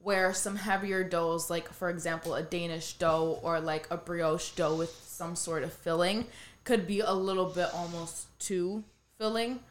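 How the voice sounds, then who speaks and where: A woman co-hosting a podcast, talking in a relaxed, chatty way and swearing casually. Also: lowish voice, a little slow. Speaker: podcast co-host. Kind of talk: casual chat.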